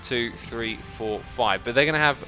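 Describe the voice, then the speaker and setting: A man speaks at medium pitch and a moderate pace, with a sharp tone and soft music behind him. He hosts a livestream of a building game, chatting in a relaxed way, thinking aloud during construction, and reading out viewer messages.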